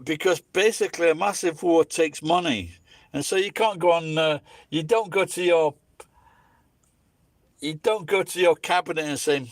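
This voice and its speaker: A man's voice: on the high side, normal speed, no room sound. A Scottish man delivering a blunt, heavily profane, opinionated rant in a casual monologue. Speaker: vlogger.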